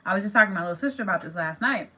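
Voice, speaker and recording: A woman's voice: medium pitch, animated, rapid-fire, pushed and bright, low-quality recording. A middle-aged woman hosting a manifestation channel, talking casually and emphatically to viewers, repeating phrases and calling them "you guys". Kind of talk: casual talk to camera.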